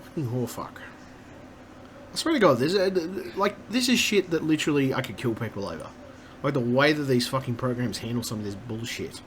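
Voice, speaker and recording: A man's voice: mid-range voice, animated, a little fast. A man streaming live and ranting, cursing nonstop and muttering in exasperation. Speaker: gaming streamer. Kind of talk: casual live-stream rant. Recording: noisy room ambience.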